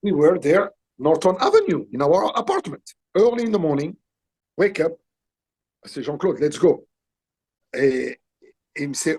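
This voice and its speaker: A middle-aged man from Belgium tells a story in an interview. His voice is husky and sits a little high for a man. He acts out each bit of dialogue and repeats his words in short, punchy phrases. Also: sing-song, normal speed, long pauses, a little mellow. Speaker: interview guest, actor. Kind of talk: animated storytelling.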